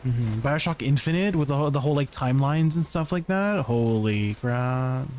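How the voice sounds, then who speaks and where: Rambling, excitable male streamer. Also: a little high, quick pace, a little hiss or hum. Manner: rambling and excitable, full of likes and restarts. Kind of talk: casual live-stream chat.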